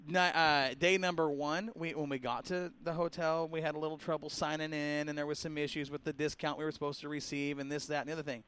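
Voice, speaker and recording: A man hosting a casual racing talk show, an animated storyteller who laughs a lot and acts out quotes. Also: on the high side, fast, few pauses, clear, resonant tone. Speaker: radio show host.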